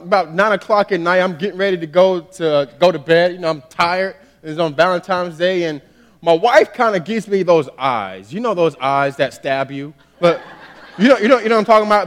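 A man preaching a sermon in a relaxed, conversational storytelling way, often saying "you know". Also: high-pitched. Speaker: pastor. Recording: long hall reverb.

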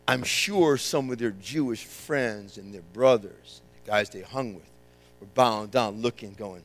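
A man preaching a sermon as a playful, animated story retelling. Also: medium pitch, normal speed.

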